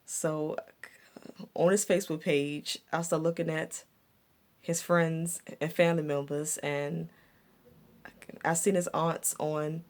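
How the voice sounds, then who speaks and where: A woman's voice: sits low, level tone, takes it slowly, pauses often. A woman vlogger telling a personal story from her past in a reflective, repetitive way, with stumbling restarts. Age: adult looking back on her younger years.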